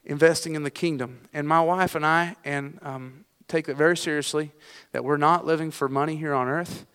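A man's voice: a little high, fairly even intonation, normal speed, a bit bright, clean tone, in a large hall. A middle-aged man preaching a sermon as pastor, folksy and self-deprecating, with frequent restarts.

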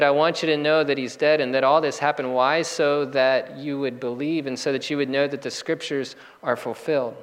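Earnest male pastor in a reverberant hall. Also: medium pitch. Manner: earnest, measured preaching with slow emphatic pauses. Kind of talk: sermon. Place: church.

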